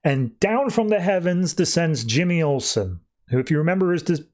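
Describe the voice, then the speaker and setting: A man's voice: a little high, expressive, normal speed, darkish tone. Chatty man recapping a comic. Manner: chatty, peppered with "like". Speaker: podcast host. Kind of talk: casual comic book recap.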